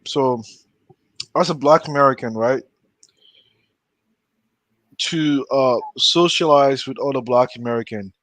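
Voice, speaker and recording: A man's voice: medium pitch, a little slow, pauses often, fairly bright tone, no room sound. A man hosting a podcast who asks probing, teasing questions in casual debate. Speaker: podcast host.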